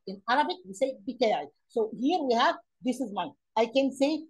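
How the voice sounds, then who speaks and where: A woman teacher walks young pupils through an English grammar exercise. Her voice is slightly husky and sits a bit high. She talks it through step by step, with many fillers and questions to the class. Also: lively intonation, brisk, a little mellow, low-quality recording. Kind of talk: recorded online lesson.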